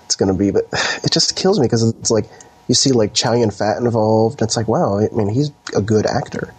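A man's voice: fairly low pitch, a little fast, darkish tone, husky. A young man co-hosting a podcast, talking casually and rambling with restarts and sighs. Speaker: podcast co-host. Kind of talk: casual chat.

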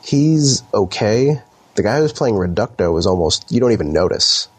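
A man co-hosting a podcast in casual chat, rambling with lots of fillers and quick laughs. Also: fairly low pitch, lively intonation, slightly rough. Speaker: podcast co-host.

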